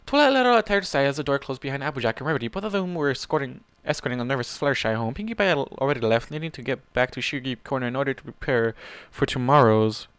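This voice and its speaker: A man reads fan fiction aloud in a plain, steady way. He drops in casual asides and corrects his own slips. His voice is smooth and clear, recorded dry. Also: mid-range voice, fast, hardly any pauses, no echo. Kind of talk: story reading with asides.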